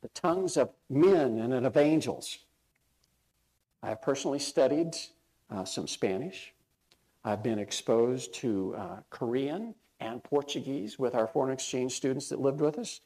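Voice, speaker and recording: A man's voice: mid-range voice, animated, unhurried, warm tone. A male pastor preaching a sermon in a plain, conversational way, with frequent fillers and quoted lines acted out.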